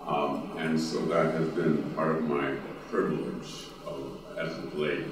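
A man's voice: very deep voice, little pitch movement, measured pace, noisy background. A man from Cape Breton with a local accent, speaking on a conference panel in a folksy storytelling manner, with many fillers and restarts. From Cape Breton, Nova Scotia. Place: conference hall. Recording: roomy hall recording from a distance.

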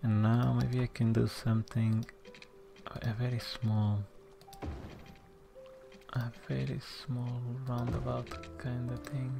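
A let's-play commentator thinking aloud while building in a game, muttering to themself and sometimes dropping to a soft near-whisper. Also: medium pitch, little pitch movement, slow pace, gravelly, pauses often, music in the background. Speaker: gameplay commentator.

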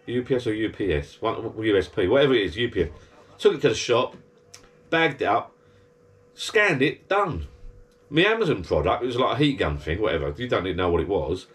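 A man's voice: lowish voice, sing-song, brisk, a bit bright. A man, rambling and grumbling in a casual monologue from his backyard garden bar. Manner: chatty, grumbling rant. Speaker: vlogger.

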